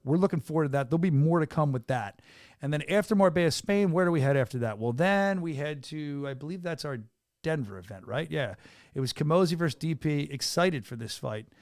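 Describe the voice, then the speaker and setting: A man hosting a casual podcast from a small studio, talking with an excitable hype-man energy. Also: on the high side, a little fast, no echo. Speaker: podcast host and venue announcer.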